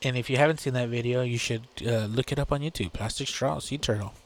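A man's voice: medium pitch, quick pace. Brief: male solo show host, crude and sarcastic, mid-range voice, loose off-the-cuff rant. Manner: profane, sarcastic ranting with laughs and filler. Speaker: podcast host.

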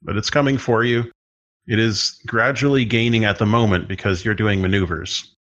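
A man narrating as game master of a tabletop role-playing game, describing scenes at an unhurried pace with frequent fillers. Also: lowish voice, steady tone, a bit bright, muffled recording.

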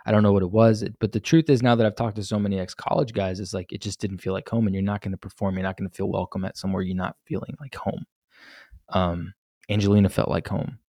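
A man's voice: lowish voice, mellow, no echo, studio quality. A young man hosting a solo podcast, telling his story candidly and with a lot of swearing, full of restarts. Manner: candid, profane, rambling with restarts. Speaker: podcast host.

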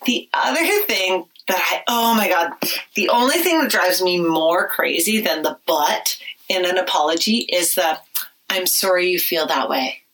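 A woman's voice: fairly low pitch, expressive, unhurried, fairly bright tone, distant mic, rough recording. A woman chatting candidly and reflectively as a podcast co-host, sighing at times and swearing when she gets heated. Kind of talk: casual chat.

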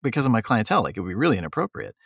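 A man's voice: fairly low pitch, big pitch swings, racing, slightly rough, dry recording, studio quality, full character voice. A man quoting an offhand client, a lawyer. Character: relaxed male client, a lawyer.

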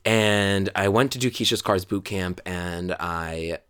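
A man's voice: low voice, slow, fairly bright tone, smooth, dry recording. Chatty young man, dry close sound. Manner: chatty storytelling, acts out quotes, many fillers. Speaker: drag performer and guest. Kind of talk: casual interview chat.

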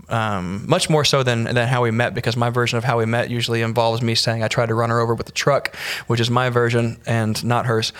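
A man hosting a church podcast, telling a personal story in a casual, halting way with many fillers and restarts. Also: medium pitch, a bit bright.

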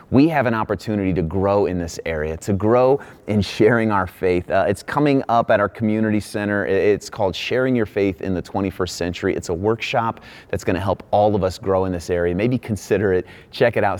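A middle-aged male pastor delivering a sermon, telling a funny story about himself in an animated, self-deprecating way. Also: lowish voice.

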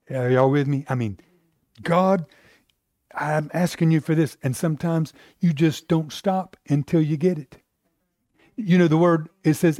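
Man, preacher, sermon, animated storytelling, close dry sound, crisp tone. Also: high-pitched, moderate pace, no room sound. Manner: animated storytelling, acts out quoted voices.

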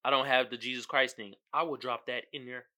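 A man's voice: medium pitch, fairly even intonation, a little fast, sharp tone. A man hosting a podcast in casual comedic chat, laid-back and slangy, laughing often and calling his listeners y'all. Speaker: podcast host.

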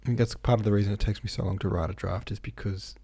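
A man hosts his own podcast in a loose, meandering chat, stopping and restarting his sentences often. His voice sits fairly low with a gravelly edge. The tone is husky and mellow. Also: steady tone, fast. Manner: rambling and hesitant, many fillers and restarts. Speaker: podcast host and novelist. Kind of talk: casual solo podcast chat.

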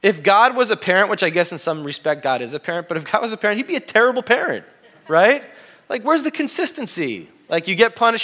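Bright-voiced male pastor preaching. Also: high voice, fast. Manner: lively preaching, voicing God and scripture, asides to the congregation. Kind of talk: sermon.

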